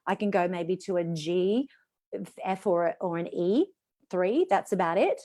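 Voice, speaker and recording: A woman's voice: on the low side, animated, unhurried, mellow. A woman voice coach leading a live online workshop, chatty and encouraging as she demonstrates vocal exercises.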